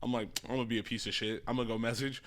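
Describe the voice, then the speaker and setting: A young man co-hosting a podcast, chatting in a relaxed, joking way full of slang. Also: mid-range voice, rapid-fire. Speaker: podcast co-host. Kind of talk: casual chat.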